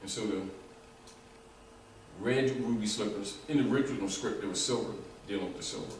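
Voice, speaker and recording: A man giving an animated, rambling informal lecture to a small group, restarting his sentences as he goes. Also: lowish voice, a little fast. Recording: echoey room, mic far off, faint noise.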